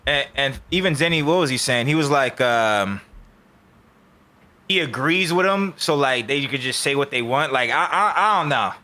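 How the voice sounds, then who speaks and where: Bright, heated man ranting. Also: mid-range voice, normal speed. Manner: heated, profane, animated rant. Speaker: podcast host. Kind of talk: casual esports podcast chat.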